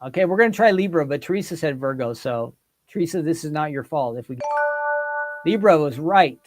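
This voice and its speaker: A man's voice: on the high side, animated, fairly quick, soft background music. A man hosting a casual livestream quiz, reading out viewers' guesses and teasing them playfully. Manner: playful, reads out viewer comments and teases them. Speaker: livestream host.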